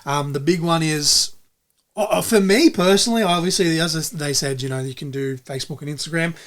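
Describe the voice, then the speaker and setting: A man's voice: fairly high pitch, moderate pace. Rambling Australian man hosting a podcast. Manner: rambling, repeats himself, swears casually. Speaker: podcast co-host. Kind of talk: casual chat. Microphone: podcast mic.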